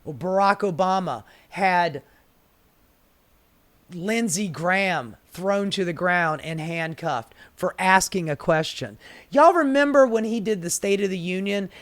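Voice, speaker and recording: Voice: mid-range voice, a little slow. A political commentator ranting sarcastically and profanely, with exasperated rhetorical questions.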